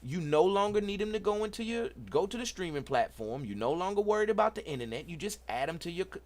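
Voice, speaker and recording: Animated man hosting a tech talk. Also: a little high. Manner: excited, preachy, repeats himself, talks to chat. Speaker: host. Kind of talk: casual livestream tech talk.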